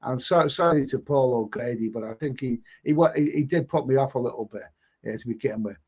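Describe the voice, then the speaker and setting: A husky, medium-pitched voice belongs to a middle-aged Liverpool man hosting a live stream, talking fairly quickly as he chats and reads viewer comments. He stammers and repeats words often, and the stream audio is dull and lo-fi.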